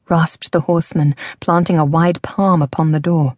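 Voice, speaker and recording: A woman narrating an audiobook in a measured, dramatic storytelling manner. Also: low voice, fairly even intonation, a little mellow, no echo, studio quality.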